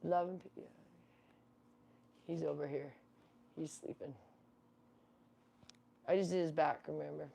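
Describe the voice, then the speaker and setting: A woman's voice: low voice, steady tone, a little slow, gravelly, pauses often, dark tone, breathy edge. A woman chatting casually with viewers on a livestream while fussing over her pet rabbit. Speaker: livestream host.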